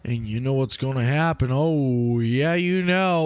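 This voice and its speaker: A man's voice: medium pitch, unhurried, no echo, muffled recording. A young man hosting a live sim racing stream, commentating playfully and chatting with his viewers. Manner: playful and excitable, chats with viewers.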